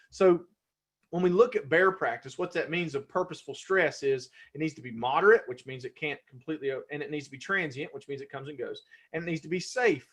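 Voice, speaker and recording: A man presenting a live-streamed workshop in a conversational way, restarting words and now and then getting fired up. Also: on the high side. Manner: conversational, self-correcting, gets fired up.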